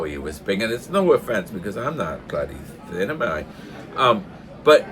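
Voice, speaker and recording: An older man telling a funny story in a casual way, laughing hard often and acting out the shouted lines himself. He talks in a pub. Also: lowish voice, slight background noise.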